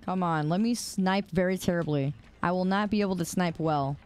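A woman's voice: on the low side, moderate pace, darkish tone. A young woman streaming a shooter game, chatting casually with her viewers, greeting them by name and laughing often. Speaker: live streamer. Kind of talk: casual live-stream chat while gaming. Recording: noisy with clicking behind the voice.

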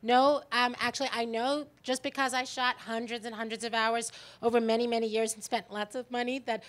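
A woman's voice: on the high side, flat delivery, brisk. A woman documentary filmmaker speaking candidly on a festival panel, with many restarts. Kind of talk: panel discussion.

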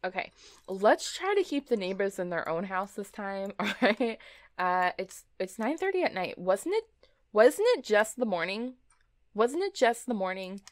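A woman's voice: medium pitch, big pitch swings, moderate pace, dry recording, studio quality. A woman giving casual, chatty commentary while playing a game, talking to her characters, often laughing and repeating herself in exasperation. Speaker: let's play host.

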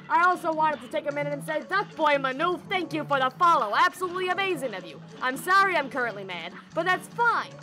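A woman with a high, bright, sharp voice delivers live gameplay commentary as a theatrical, exasperated rant aimed at her chat. Faint game music plays behind her. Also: lively intonation, fast talker, few pauses. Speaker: streamer.

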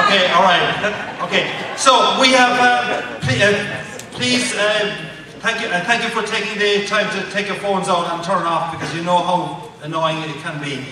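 A man's voice: sits high, steady tone, normal speed. An Irish man hosting a speech contest on stage, joking with the crowd and then giving orderly instructions. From Ireland. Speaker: contest toastmaster. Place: large hall. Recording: echoey hall recorded from far off.

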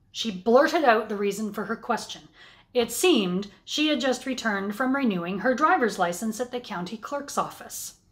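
A woman pastor with a Canadian accent, giving a sermon at a slow, measured pace with deliberate pauses. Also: medium pitch, fairly bright tone.

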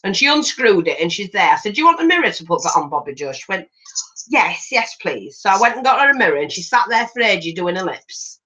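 A woman's voice: mid-range voice, a little fast, poor audio. An older grandmother, chatting as she works on a craft tutorial and acting out little voices in her stories. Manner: animated, acts out voices in anecdotes. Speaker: craft channel host. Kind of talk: chatty storytelling while crafting.

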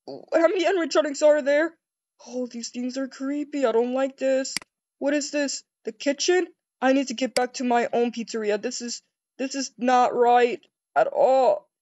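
A woman's voice: a little high, dry recording. Wide-eyed, stammering woman, dull lo-fi sound. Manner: excitable, easily startled, rambling with stammered restarts. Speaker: game role-player. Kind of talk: first-person role-play over a game.

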